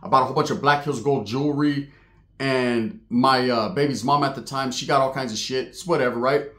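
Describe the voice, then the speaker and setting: A man telling a true paranormal story in a casual, streetwise way, swearing freely and getting animated. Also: medium pitch, a little fast. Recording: echoey room.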